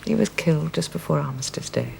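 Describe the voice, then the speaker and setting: A woman's voice: low-pitched, expressive, quick pace, vocal fry, a little mellow, slight background noise, full character voice. An actress playing a worldly woman who frankly and affectionately comforts a younger woman.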